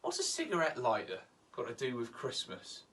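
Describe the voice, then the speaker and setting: A man's voice: mid-range voice, huge pitch swings, moderate pace, fairly bright tone, recorded from a distance. A British man voicing a patient male gatekeeper saint in a joke, in his own voice. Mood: weary. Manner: easygoing joke-telling.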